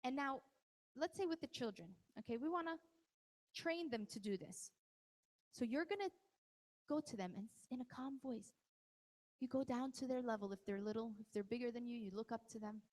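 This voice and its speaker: A woman with a high voice gives a live parenting talk in a large hall. Her words ring out with a long reverb tail. She keeps it conversational and teases audience members by name. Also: animated, normal speed, a little mellow. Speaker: parenting workshop presenter.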